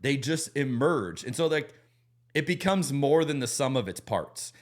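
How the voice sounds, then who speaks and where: A man's voice: mid-range voice, moderate pace. Enthusiastic man in podcast chat. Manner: enthusiastic, animated storytelling. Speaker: pastor. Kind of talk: podcast conversation.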